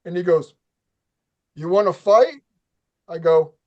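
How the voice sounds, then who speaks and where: A man hosting a casual talk show, telling a story in an animated, profane way and acting out the quotes. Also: sits high, a little slow, pauses often, highs cut off. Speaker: show host.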